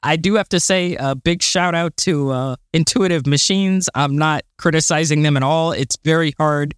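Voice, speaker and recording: A man's voice: a little high, normal speed, clear, resonant tone, no room sound, studio quality. A man co-hosting a space podcast in casual chat, enthusiastic and given to exasperated rants, with many fillers. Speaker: podcast co-host.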